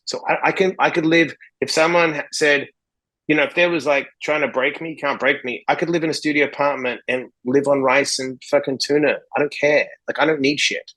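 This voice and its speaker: A man's voice: on the high side, a bit bright, low-quality recording. Blunt guy from australia telling stories on a podcast, cusses a lot, plays all the parts himself. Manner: blunt, swears freely, acts out quoted dialogue. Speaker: podcast guest, interventionist. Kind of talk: casual interview storytelling.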